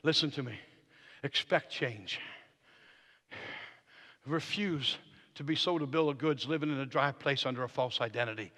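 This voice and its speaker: A man preaching a charismatic sermon as guest speaker, swinging from hushed talk to shouted declarations and telling stories with quoted dialogue. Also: mid-range voice, moderate pace, pauses often. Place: church sanctuary. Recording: long hall reverb of a church.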